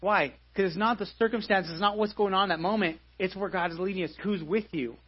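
A man's voice: high voice, quick pace, husky, lo-fi sound. A pastor in his forties giving a live sermon in a church, conversational, with many restarts and repeated phrases. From United States.

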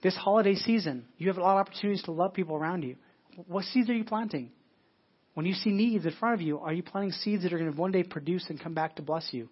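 Husky-voiced man preaching a sermon. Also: high voice, quick pace. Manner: preachy, repeats words and restarts often. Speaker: pastor. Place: church. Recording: dull lo-fi sermon audio.

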